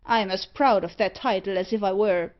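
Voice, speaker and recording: A woman voicing a proud, boastful male barber who talks loudly and with scorn. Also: medium pitch, moderate pace, lightly acted. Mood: scornful. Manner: loud and scornful. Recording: slightly dull audio.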